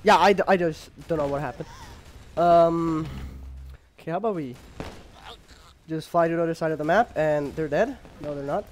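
A man's voice: fairly high pitch, normal speed, pauses often, a little hiss or hum. Young man rambling over a shooter game. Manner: rambling, filler-heavy, jokey, bursts of excited yelling. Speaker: gamer. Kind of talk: casual gameplay commentary.

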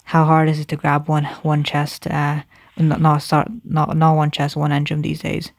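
A man commentating a video game live, his voice gravelly with fry. He speaks in a fairly flat, even tone while thinking aloud and correcting himself as he plays. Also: on the high side, moderate pace, no echo. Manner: thinks aloud, self-correcting, addresses viewers as guys. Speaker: gameplay commentator.

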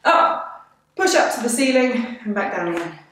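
Breathless, cheery fitness instructor. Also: female voice, a little high, sing-song, moderate pace, fairly bright tone, slight background noise. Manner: cheerful, encouraging, bubbly, with breathy whoops between cues. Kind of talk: live workout coaching. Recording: echoey room, voice from a distance.

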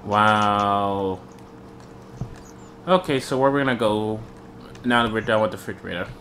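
A man's voice: on the low side, normal speed, sharp tone. A young man chatting casually while playing a video game, joking and easily startled. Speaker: gamer. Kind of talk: casual gameplay chat. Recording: faint background noise.

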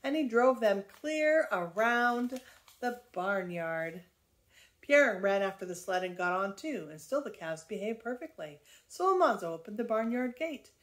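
An older woman, a grandmother, reading a children's book aloud in a lively, expressive way. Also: mid-range voice, measured pace.

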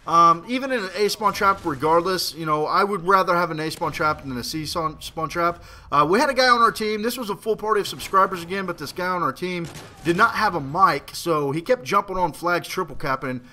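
A young man giving rambling, excitable commentary over his own gameplay, swearing freely and now and then bursting into a shout. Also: sits high, fast talker.

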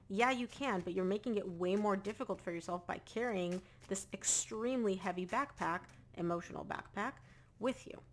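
A woman's voice: medium pitch, a little fast, a little hiss or hum. A woman giving a casual tarot reading to camera, talking straight to the viewer and repeating phrases for emphasis. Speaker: tarot reader.

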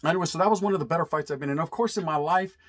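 Husky-voiced man telling a rough story. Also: a little high, very fast. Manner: animated, profane, heavy street slang. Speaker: storyteller vlogger. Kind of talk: casual storytelling.

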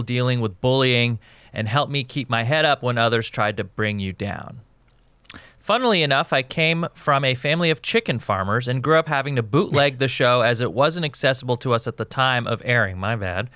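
A man's voice: mid-range voice, sharp tone, smooth, no echo. A man from Jordan co-hosting a casual podcast, joking and reading listener emails aloud. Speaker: podcast co-host.

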